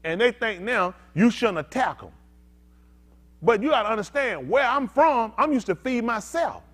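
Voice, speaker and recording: Animated preaching man, lively pitch. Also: moderate pace. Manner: animated, conversational, swings from loud to quiet. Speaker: pastor. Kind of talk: informal preaching to a congregation.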